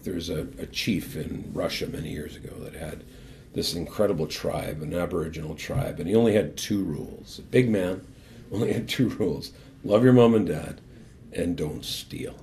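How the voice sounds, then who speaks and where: An older man, a former hockey captain, telling his personal faith story as a guest in an earnest, animated way and then leading a prayer. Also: deep voice, normal speed, a little hiss or hum.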